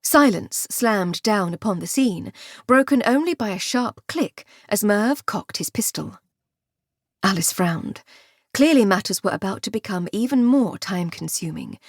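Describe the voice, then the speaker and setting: A woman narrating an audiobook with expressive, wry comic storytelling. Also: mid-range voice, unhurried, no echo, clean studio sound. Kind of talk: scripted narration.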